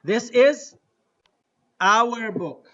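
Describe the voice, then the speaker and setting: A man teaching an Arabic lesson to a class, drilling phrases slowly and having students repeat. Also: very high-pitched, expressive, pushed and bright, lo-fi sound. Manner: slow, deliberate drilling with repetition to the class. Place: mosque classroom.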